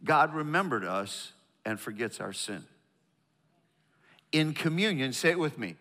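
A man's voice: medium pitch, animated, unhurried, pushed and bright, in a large hall. A man from the northern United States preaching a sermon, emphatic and calling the congregation to repeat lines after him. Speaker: pastor. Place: large church auditorium.

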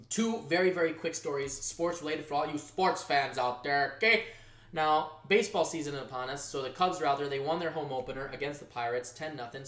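A man hosting a casual news-style show, jokey and animated, his voice jumping from loud outbursts to quiet asides. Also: on the high side. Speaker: show host. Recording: echoey room.

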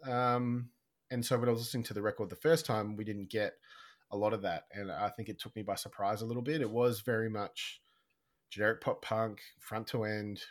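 A man co-hosting a music podcast in casual chat, talking fast with a slight lisp. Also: on the low side, fairly even intonation. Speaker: podcast co-host.

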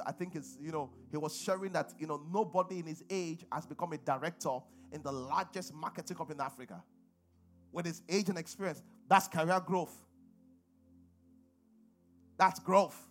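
A man's voice: fairly high pitch, fairly bright tone. A middle-aged man with a Nigerian accent preaching a sermon and calling on the congregation to respond. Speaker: pastor.

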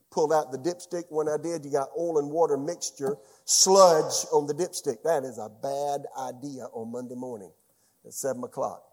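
A man's voice: fairly high pitch, a little mellow. A middle-aged man preaching a sermon as pastor, telling a personal story and putting questions to his congregation.

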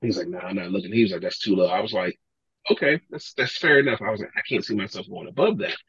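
A man, a podcast guest, telling animated stories in casual talk, acting out other people's lines and swearing freely. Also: lowish voice, quick pace, husky, no room sound, muffled recording. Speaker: podcast guest, sneaker collector. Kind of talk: casual storytelling.

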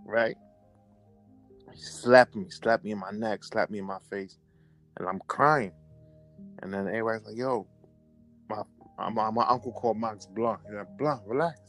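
A man with a fairly low voice tells a personal story in a casual, conversational way. He is animated and keeps repeating and restarting his phrases. Faint music plays in the background. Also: moderate pace, long pauses. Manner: animated, repetitive, restarts and self-corrections. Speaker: storyteller recounting a memory.

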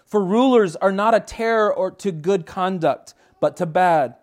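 A man preaching a sermon with a noticeably high-pitched voice. He speaks earnestly and with emphasis, often restarting a phrase to drive his point home. He reads scripture aloud in the same steady preaching voice. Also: measured pace. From United States. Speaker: pastor.

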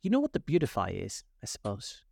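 A brusque, scornful storybook griffin, played by a man. He barks short, forceful lines and makes no secret of his impatience with foolish questions. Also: lowish voice, huge pitch swings, a little fast, creaky, husky, no room sound, full character voice. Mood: gruff. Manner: brusque, scolding.

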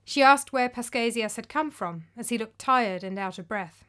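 A woman reading a story aloud in a calm, measured storytelling style. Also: a little high, clear, resonant tone. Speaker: narrator. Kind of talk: storytelling narration.

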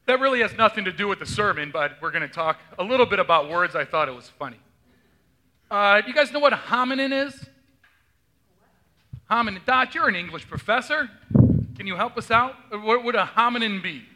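A man's voice: high voice, animated, brisk, sharp tone. A man serving as pastor who reads the gospel and then preaches a chatty sermon, quizzing his congregation in a church. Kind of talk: gospel reading and conversational sermon. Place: church sanctuary.

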